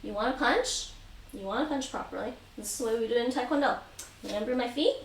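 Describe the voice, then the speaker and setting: A woman talking fast in a slightly high voice hosts a home taekwondo class streamed live. With patience, she goes over instructions repeatedly and counts reps aloud. The room echoes, the mic is far off, and faint noise lingers.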